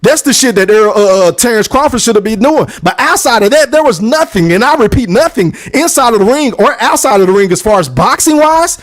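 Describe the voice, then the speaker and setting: High-voiced man ranting about boxing. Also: animated, fairly quick, few pauses. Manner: profane, emphatic, repeats lines for effect. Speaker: podcast host. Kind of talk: animated boxing rant.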